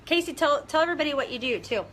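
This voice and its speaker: A woman business coach talking casually and excitedly to viewers on a live video and calling out their names. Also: high voice, very fast, faint music behind. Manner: upbeat, gushing, talks to viewers by name.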